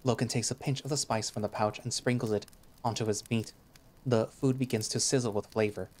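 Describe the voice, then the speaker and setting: A man's voice: mid-range voice, fairly even intonation, a little fast, a little mellow. A man giving first-person, reflective narration of a visual novel.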